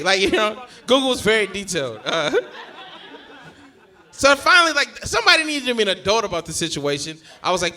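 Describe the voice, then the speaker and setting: High-voiced and brisk, a young man does stand-up, performing his material with lots of animation. He sounds bright and forceful, driving loud punchlines toward the audience.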